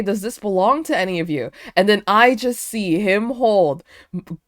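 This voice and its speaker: A young woman streamer casually tells her chat a story, chatty and full of fillers, with bursts of laughter. Her voice is medium in pitch with lively intonation at a normal speed, in a dry, studio-quality recording.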